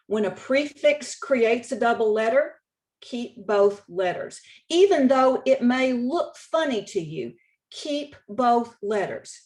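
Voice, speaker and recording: A state spelling contest director gives a slide-based instructional presentation on spelling, speaking slowly and deliberately. Her fairly high, expressive voice has a darkish tone, and she stresses key words and rules, repeats points for emphasis, and sometimes restarts.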